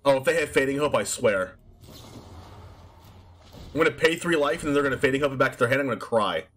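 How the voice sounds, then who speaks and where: A man streaming a card game, reacting with yelps, laughter and shouts as he plays. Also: medium pitch, expressive, quick pace. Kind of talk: excited gameplay commentary.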